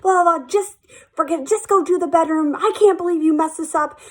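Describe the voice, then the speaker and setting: A woman voicing her angry, bossy female boss, who scolds in a shrill voice. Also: fairly quick. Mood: angry scolding.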